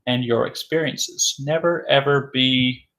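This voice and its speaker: A man teaching an English vocabulary lesson, saying each word slowly and repeating it several times for learners. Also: mid-range voice, a bit bright.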